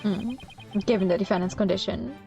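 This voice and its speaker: A woman's voice: medium pitch, brisk, gravelly, mellow, lo-fi sound, soft background music. A woman streamer reading visual novel dialogue aloud, adding playful, amused commentary.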